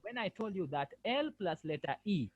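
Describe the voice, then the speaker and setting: A man's voice: sits high, very animated, normal speed, no room sound, dull audio. A male French language lecturer giving an online lesson over a video call, repeating himself and firmly correcting students. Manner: repetitive, firm corrections.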